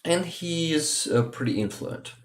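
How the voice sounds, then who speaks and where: A man from Ukraine hosting a casual livestream chat, halting and full of fillers and repeated words. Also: fairly high pitch, expressive. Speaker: livestream host. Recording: roomy echo.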